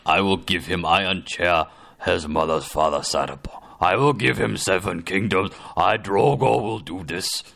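A man putting on a gravelly, deep warrior chieftain. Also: a bit bright. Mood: pompous. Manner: halting Dothraki accent, stumbling repetitions.

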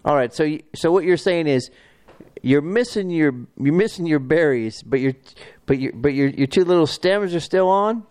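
A man's voice: a little high, expressive, normal speed, darkish tone, clear, resonant tone, poor audio. A man playing a folksy, stammering talk show host in an improv comedy sketch.

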